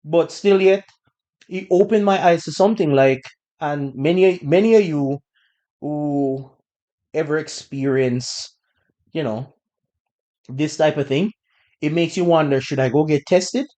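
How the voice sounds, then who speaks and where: A man hosting a podcast, telling a personal story in a relaxed, conversational way with bursts of laughter. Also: fairly high pitch, measured pace, long pauses. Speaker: podcast host. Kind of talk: casual storytelling.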